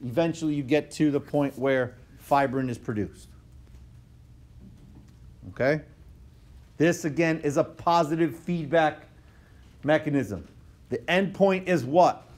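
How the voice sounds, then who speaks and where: A male instructor records a conversational whiteboard lecture on a tablet microphone, often checking in with "okay?" and correcting himself mid-phrase. His voice is fairly high and a little mellow, a bit slow, with frequent pauses.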